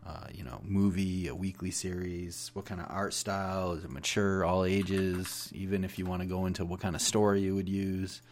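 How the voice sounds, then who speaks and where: A man co-hosting a podcast, introducing a discussion topic in a halting, thinking-aloud way. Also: low voice, level tone, a little hiss or hum. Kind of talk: casual chat.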